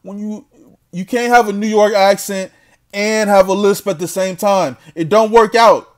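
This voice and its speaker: A man ranting casually to the camera as a boxing commentator. He is blunt and trash-talking and laughs often. His voice sits a bit high for a man. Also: normal speed.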